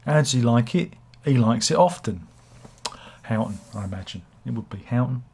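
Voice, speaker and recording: A man's voice: medium pitch, animated, brisk, gravelly, darkish tone, slightly rough. A man, hosting a casual book review channel, rambling with sardonic, self-mocking humor. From England.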